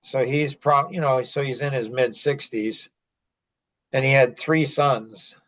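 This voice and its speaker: A man in his sixties tells a story in a laid-back podcast conversation at an unhurried pace. He rambles and restarts often, and his voice sits at a middling pitch. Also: a bit bright, poor audio. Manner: rambling and halting, with many fillers and restarts.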